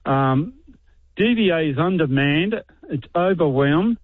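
A middle-aged Australian man, an army veteran calling a talk radio show, weary and aggrieved, speaking haltingly. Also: fairly high pitch, expressive, no room sound. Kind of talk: talkback phone call. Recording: tinny phone line.

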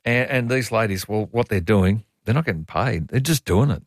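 A man's voice: fairly low pitch, animated, moderate pace, no room sound, studio quality. A man with an Australian accent hosting talk radio, emphatic and blunt, often repeating himself as he airs his opinions. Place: radio studio. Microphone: studio microphone.

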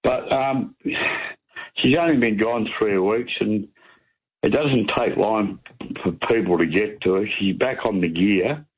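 A man's voice: fairly low pitch, unhurried, breathy edge. An Australian man calling in to a radio show over the phone, rambling in a blunt, colloquial way. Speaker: caller. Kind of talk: talkback radio call. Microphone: phone line. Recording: tinny phone line.

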